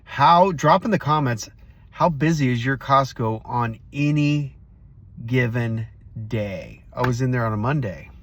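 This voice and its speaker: A man's voice: mid-range voice, animated, measured pace. A man hosting a motivational vlog, telling a story casually and speaking straight to his viewers. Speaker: host.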